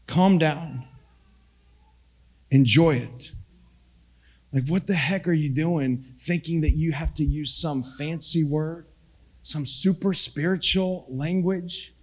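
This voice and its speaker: With a slightly high voice and a measured pace, a middle-aged pastor preaches conversationally. He's casual and pokes fun at himself, his delivery moving back and forth between quiet and loud.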